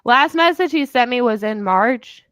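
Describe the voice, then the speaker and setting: A woman's voice: a little high, normal speed, no room sound, studio quality. Profane young woman telling stories. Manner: profane, animated storytelling. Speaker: podcast co-host. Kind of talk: casual chat.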